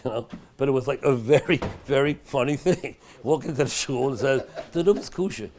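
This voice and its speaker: A middle-aged man, a rabbi, teaching a Torah class in a synagogue study hall in a chatty, anecdotal way, dropping to a hush at dramatic moments of his stories. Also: mid-range voice, steady tone, a little fast, slight background noise. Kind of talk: storytelling Torah lecture.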